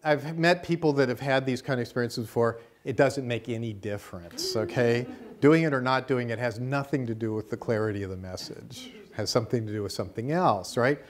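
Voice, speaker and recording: A middle-aged American man teaching a course, telling an anecdote in a lively way and acting out the voices of the people in it. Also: medium pitch, a little fast. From United States. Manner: lively storyteller, acts out the voices in his anecdotes. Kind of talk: storytelling lecture to a class.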